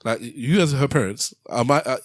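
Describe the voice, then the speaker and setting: A man's voice: medium pitch, normal speed, dry recording. A man hosting a casual podcast chat, telling stories and acting out quotes with many restarts. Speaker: podcast host.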